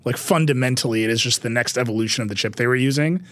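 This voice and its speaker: A man co-hosting a tech podcast, steering the talk with quick, joking asides. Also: medium pitch, fairly bright tone, no room sound. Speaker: podcast co-host. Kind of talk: casual panel chat.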